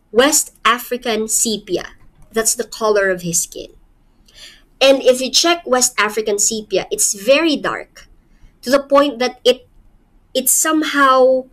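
A woman's voice: fairly high pitch, a bit bright. A woman with a Filipino accent giving a literature lesson, explaining a poem with rhetorical questions and small laughs. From Philippines. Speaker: literature teacher. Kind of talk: poetry lecture.

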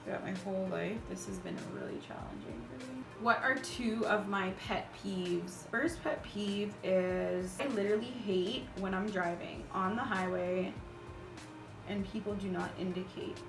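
A woman in her twenties, a beauty vlogger chatting casually while doing her makeup, telling stories in an animated way with lots of fillers. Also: medium pitch, normal speed, gravelly. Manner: animated storytelling, filler-heavy. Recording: roomy echo with background music.

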